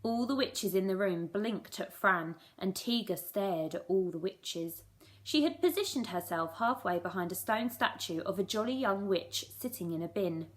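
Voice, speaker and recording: A woman teacher reading a children's storybook aloud in a clear, steady, expressive way. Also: mid-range voice, normal speed. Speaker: primary school teacher.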